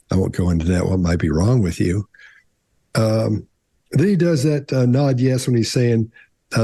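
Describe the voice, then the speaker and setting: A middle-aged man with a low, dark, slightly husky voice breaks down body language in a loose, rambling panel chat. He keeps restarting his sentences and slips into acted-out quotes. The sound is close and dry. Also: dry recording. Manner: rambling, self-correcting explanations with acted-out quotes. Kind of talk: casual panel analysis.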